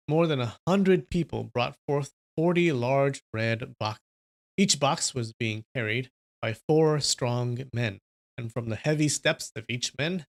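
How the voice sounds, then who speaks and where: A man reads a novel aloud on his livestream in an even, mid-pitched voice. He breaks off now and then for easygoing asides to his viewers. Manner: casual asides to chat between reading. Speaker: streamer reading a novel. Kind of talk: livestream story reading.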